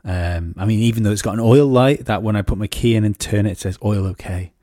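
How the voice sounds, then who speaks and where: A man chatting on a podcast, rambling through sweary stories. His voice is dark and mellow, and it sounds dry and close. He often pitches up into mocking voices when he quotes people. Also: quick pace, no room sound. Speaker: podcast co-host. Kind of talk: casual comedic chat.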